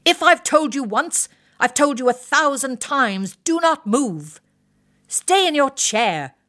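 Woman doing a blustering old ex-officer, plummy English accent, bellowing, slow hammering orders, pitched rather high. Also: animated, fairly bright tone, exaggerated voice. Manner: bellowing, emphatic, slow commands. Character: blustering retired military man, old, exasperated.

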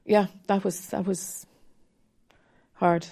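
A woman who teaches harp, talking candidly and reflectively in a radio interview, with soft laughs. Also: mid-range voice, level tone, slow pace, creaky. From Ireland.

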